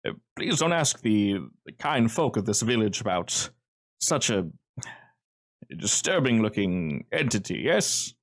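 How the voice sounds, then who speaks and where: A man's voice: lowish voice, big pitch swings, unhurried. A man voicing a polite, guarded village man who speaks in formal, hedging phrases. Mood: polite, evasive.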